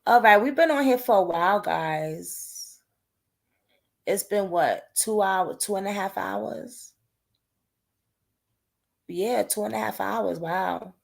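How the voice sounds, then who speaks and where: A woman's voice: medium pitch, slow pace, gravelly, pauses often. Chatty heartfelt woman hosting a livestream. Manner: chatty and heartfelt, addresses viewers as y'all. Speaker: livestream host talking to subscribers. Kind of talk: casual livestream chat.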